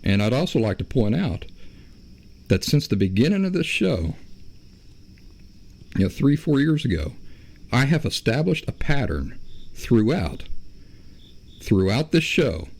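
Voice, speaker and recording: A man hosting a solo podcast, explaining his views in a measured way and often stopping to correct himself. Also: medium pitch, sing-song, gravelly, a little mellow. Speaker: podcast host.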